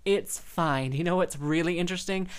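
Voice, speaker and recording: A woman's voice: fairly low pitch, normal speed, clean tone. A young woman hosting a podcast, chatting casually in a rambling, self-interrupting way and laughing often. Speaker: podcast host and freelance musician.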